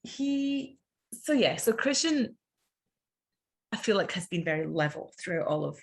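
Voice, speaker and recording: Chatty low-voiced Scottish woman. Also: a little slow, creaky. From Scotland. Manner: chatty and animated, full of fillers and quoted asides. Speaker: podcast guest. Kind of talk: candid conversational interview.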